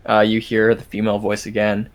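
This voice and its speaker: A man running a tabletop game, describing the scene in a fairly low voice. He often pauses with hesitant ums while he finds his words. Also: monotone. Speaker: game master.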